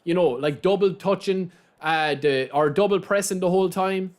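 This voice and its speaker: High-voiced and moderately paced, this man from Ireland streams a football video game with an Irish accent. The chat is casual as he plays, and he reads viewers' messages aloud and replies to them directly.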